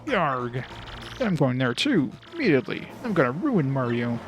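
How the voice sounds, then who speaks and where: A man's voice: medium pitch, very animated, moderate pace, music in the background, natural voice. Bowser, a man voicing a gloating villain king. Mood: blustering. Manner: blustering, gloating. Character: boastful villainous turtle king, male.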